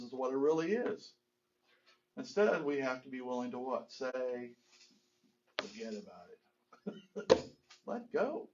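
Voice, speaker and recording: Earnest preaching pastor, slightly high voice. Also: male voice, a little mellow, highs cut off. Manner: earnest, rhetorical questions, chuckles often. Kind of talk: sermon. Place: church sanctuary.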